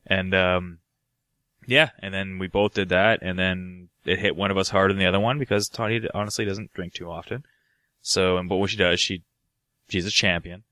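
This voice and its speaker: A man's voice: sits low, fairly even intonation, a little fast, sharp tone, no room sound. A man on a podcast rambling through a casual story, swearing freely and laughing often. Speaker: podcast co-host.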